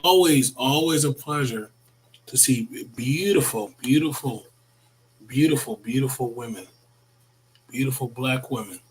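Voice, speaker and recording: A man chatting casually to his viewers as a reaction video host, rambling and repeating words, his voice worn from yelling. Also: medium pitch, measured pace, slight background noise, poor audio. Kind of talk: casual morning livestream chat.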